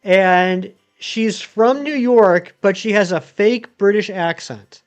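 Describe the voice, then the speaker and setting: A man's voice: sits high, slow pace, smooth, faint music behind. A man in his thirties chatting casually on a live stream, rambling and answering viewers. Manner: rambling, chatty, many ums and uhs. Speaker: game streamer.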